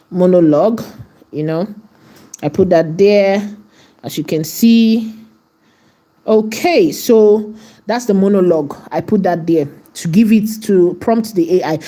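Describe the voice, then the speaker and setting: A woman's voice: mid-range voice, dark tone. A woman hosting a live tutorial, chatting to her viewers as she walks through steps and often checking in with "right?". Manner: chatty, often asks "right?" and talks to the chat. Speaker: AI video tutorial host.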